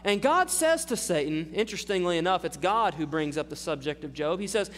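A man's voice: high-pitched, animated, fairly quick, hardly any pauses, a bit bright, in a large hall. A man preaching a sermon as a pastor, earnest and building in force as he reads scripture.

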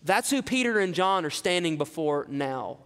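A man preaching an expository sermon, reading scripture dramatically and dropping low for asides. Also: expressive, normal speed, fairly bright tone, big-room sound. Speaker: pastor.

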